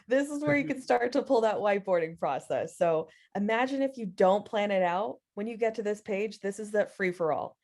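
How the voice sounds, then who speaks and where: A woman co-hosting a software lesson, chatty and lightly sarcastic, adding tips. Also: medium pitch, expressive, moderate pace. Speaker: co-host trainer. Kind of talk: screen-share software tutorial.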